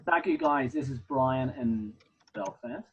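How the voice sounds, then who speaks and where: Friendly webinar attendee on a dull, lightly noisy call line. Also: male voice, medium pitch, a little slow. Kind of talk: casual call chat.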